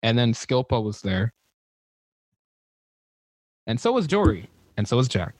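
A man narrating and playing a goddess figure as game master of a tabletop game, relaxed and a little hesitant. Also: mid-range voice, a little slow, dry recording, low-quality recording.

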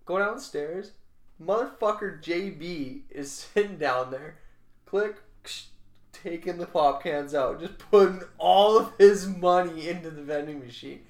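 A young man co-hosting a podcast, chatting casually and telling animated stories full of swearing. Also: a little high, moderate pace. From Canada. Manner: animated storyteller, swears a lot, laughs often. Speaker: podcast co-host. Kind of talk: casual chat. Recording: roomy echo.

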